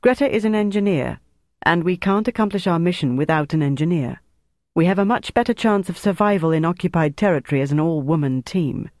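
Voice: mid-range voice, lively intonation, fairly quick, a little mellow, dry recording, clean studio sound, lightly acted. An audiobook reader voicing a commanding young woman who leads a wartime team, firm and impatient. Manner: firm and bossy.

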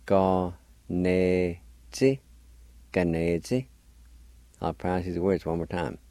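A man's voice: low voice, little pitch movement, moderate pace, warm tone, dry recording. A man teaching a language lesson on the radio, patiently spelling words letter by letter and sounding them out.

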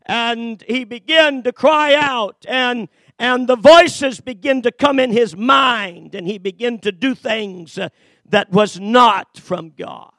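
Brief: male preacher, very high voice, dry close sound, dramatic storytelling with shouts and hushes. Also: slow, dry recording. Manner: dramatic, rises to shouts then drops low; many fillers and repeated starts. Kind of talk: sermon storytelling.

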